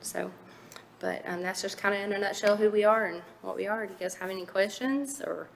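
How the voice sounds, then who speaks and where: A woman's voice: medium pitch, a little fast, creaky, a little hiss or hum. A woman from a foster care nonprofit presenting to a county board in an informal way, with many fillers and restarts. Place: county board meeting room. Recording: echoey meeting room.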